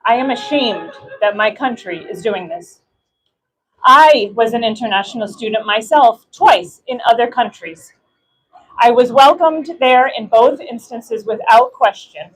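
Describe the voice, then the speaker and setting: A woman's voice: a little high, poor audio. Impassioned woman giving a rally speech. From United States. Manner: emphatic, repetitive build-ups. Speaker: rally speaker.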